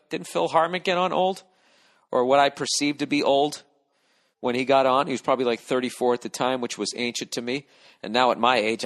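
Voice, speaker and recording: A man's voice: mid-range voice, fairly bright tone. A man in his forties hosting a solo podcast from home, rambling and ranting in a profane, sardonic way. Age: 40s. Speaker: podcast host. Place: lying down at home.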